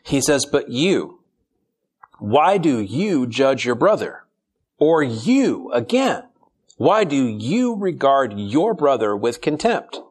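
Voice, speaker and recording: A middle-aged man preaching a relaxed, joking sermon. His voice sits in an ordinary middle pitch. He reads scripture and then talks it through plainly. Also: slow pace, slightly rough. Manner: conversational and humorous, reads scripture then explains it.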